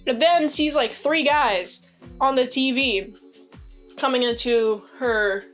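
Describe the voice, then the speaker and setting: Woman, series reviewer, casual episode recap, excitable, chatty, fairly high voice, faint background music. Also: slow pace. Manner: chatty and excitable, heavy use of "like", acts out quoted lines.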